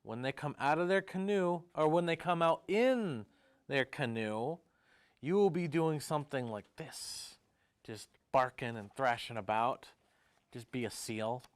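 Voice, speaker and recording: A storyteller playing a male carver who earnestly and slowly tells the creature he made what it will do. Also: medium pitch, clean tone, dry recording, natural voice. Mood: instructing. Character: solemn male carver speaking to his creation.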